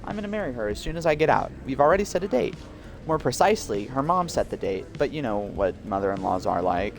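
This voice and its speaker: A man's voice: medium pitch, big pitch swings, fast talker, gravelly, soft background music. A man voicing a friendly, talkative donkey inmate in a video game, eager and gushing. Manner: chatty, eager, lovestruck. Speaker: game character.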